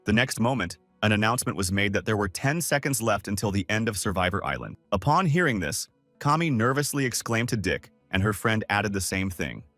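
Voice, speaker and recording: Lively male story recap narrator. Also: lowish voice, a little fast, no echo. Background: faint music.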